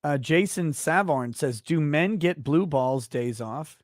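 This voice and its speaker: A man hosting a casual livestream, reading out viewer messages and answering them bluntly, with plenty of swearing. His voice sits a little high for a man. The sound is dry and close, with almost no room echo. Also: animated, slow. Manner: blunt, profane, offhand replies. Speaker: livestream host.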